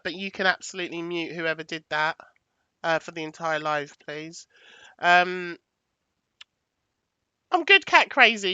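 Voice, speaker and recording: A woman with a fairly low, smooth, bright and forward voice hosts a casual livestream at an easy, unhurried pace, talking through her slides. She's chatty, thanks viewers and thinks aloud while choosing graphics. The audio is dry and close with no room echo, and the highs are cut off.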